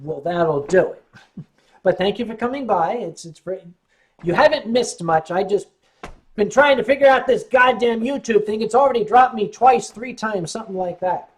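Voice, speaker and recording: A man's voice: high voice, normal speed. A man hosting a casual livestream, reading out chat comments and answering with wry, rambling jokes while tipsy on wine. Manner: wry, joking, rambling storyteller.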